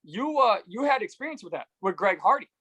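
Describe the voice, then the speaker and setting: Very animated and high-pitched, with a slightly bright, husky tone, this podcast host chats with his guest, telling stories and quickly agreeing. The recording is rough, with no room sound.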